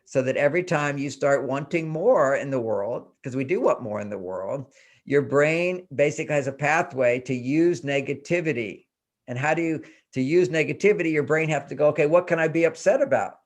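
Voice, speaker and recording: A guest on an interview show, the older man talks about relationships at a moderate pace, his voice on the high side. He's animated, hammering home ideas and repeating key phrases.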